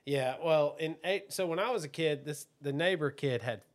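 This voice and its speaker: A man's voice: a little high, normal speed. A man co-hosting a casual motocross chat, telling stories with frequent laughs. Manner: joking storyteller, laughs often. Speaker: podcast co-host.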